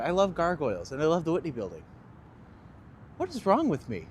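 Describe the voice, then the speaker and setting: A Canadian man and tour guide chatting casually while walking outdoors on a live stream, animated and self-deprecating, on a handheld phone with traffic noise behind. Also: fairly high pitch, a little fast. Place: outdoors on city streets.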